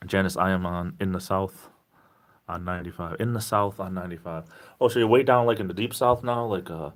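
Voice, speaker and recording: A man with a deep, low voice hosts a casual livestream and answers viewers' comments. He rambles along in a relaxed, chatty way and makes self-deprecating jokes. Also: fast. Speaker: livestream host.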